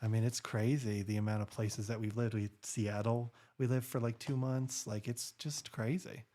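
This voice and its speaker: A man co-hosting a podcast in casual chat, relaxed and joking, laughing often. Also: medium pitch, normal speed. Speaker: podcast co-host.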